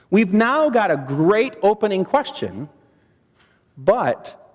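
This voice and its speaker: A man presenting a training seminar, quizzing the audience and using dramatic pauses. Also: high-pitched. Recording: long hall reverb.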